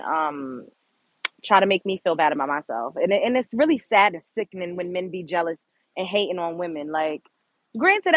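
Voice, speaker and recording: A woman from Brooklyn, New York hosts her own show, ranting bluntly and profanely in unscripted commentary to her live chat. Her medium-pitched voice has a fairly bright tone, and the recording is dry and rough.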